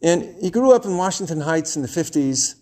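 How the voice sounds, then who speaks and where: A man in his twenties telling a story, wry and animated with dramatic pauses. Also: on the high side. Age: 20s. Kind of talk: told story to an audience.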